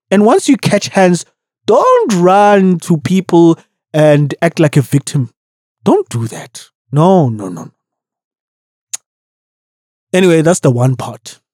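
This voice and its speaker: A woman's voice: deep voice, no room sound, studio quality. A woman hosting a podcast, brash and profane in comedic commentary. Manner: brash, profane, animated storytelling. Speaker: podcast host.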